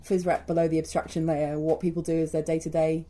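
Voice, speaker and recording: A woman from Wales with a Welsh accent, a larp organiser talking in casual chat, chatty and quick to laugh. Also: low-pitched, flat delivery, dark tone.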